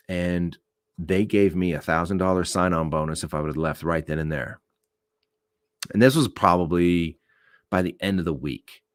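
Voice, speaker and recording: A man with a deep, low voice hosts an unscripted podcast and tells a story bluntly, swearing freely and acting out each quote. The sound is dry, with no room echo. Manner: blunt and profane, animated retelling with acted-out quotes. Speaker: podcast host.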